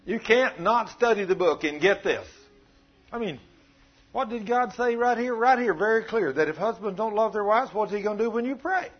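A man preaching a sermon, telling stories in a folksy, animated way. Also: high-pitched, moderate pace, breathy edge, soft background music. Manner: folksy, animated storytelling with acted quotes. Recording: dull lo-fi sound.

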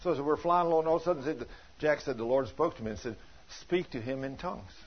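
A man preaching a sermon in a folksy, animated way, retelling conversations as stories. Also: fairly high pitch, fast talker, a little hiss or hum. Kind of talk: sermon storytelling. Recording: dull lo-fi recording.

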